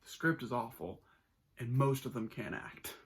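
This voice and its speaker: A man's voice: medium pitch, normal speed, fairly bright tone, slightly rough. A man giving a casual, enthusiastic spoken movie review, rambling with many restarts.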